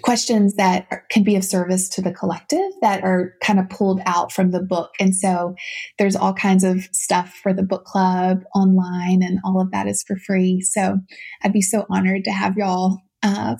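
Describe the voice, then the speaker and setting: A woman's voice: medium pitch, gravelly, a little mellow, slightly rough. A woman with a Southern accent, a podcast guest talking in an earnest, effusive way with plenty of fillers. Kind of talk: casual interview chat.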